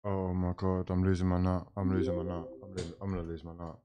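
A man hosting a live football watchalong, reacting with loud, swearing outbursts. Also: deep voice, fast, clean tone, lo-fi sound. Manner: excitable, swearing, shouting reactions.

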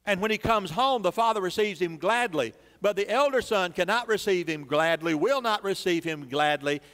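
A man's voice: high-pitched, a bit bright. A man preaching a sermon as pastor, building emphasis through dramatic repetition in a church sanctuary. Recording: long church reverb.

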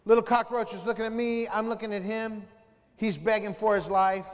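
A middle-aged man giving an animated talk to students, telling stories, putting questions to the audience and mimicking sounds. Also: high voice, normal speed. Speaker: school assembly speaker. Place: school hall. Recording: long reverb in a large hall.

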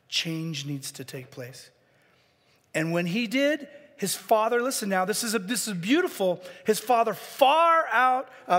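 A man giving a sermon as a guest pastor, preaching earnestly, dropping to a hush and then building up, and repeating words for emphasis. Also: high-pitched, in a large hall. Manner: earnest preaching with dramatic soft drops and rising emphasis. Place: church sanctuary.

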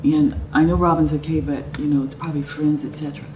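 A woman's voice: low-pitched, fast. Middle-aged woman telling a story from afar. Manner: animated, dips into soft whispers. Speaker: speaker telling a personal story. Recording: distant mic with noisy background.

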